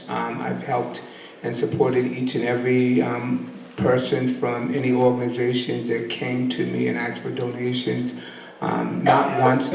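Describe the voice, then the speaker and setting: Older man, gravelly, flat-toned speech. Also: mid-range voice, slight background noise. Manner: earnest, halting with many ums. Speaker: city council candidate. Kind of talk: candidate forum speech. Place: community meeting hall. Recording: echoey hall from far off with faint ambience.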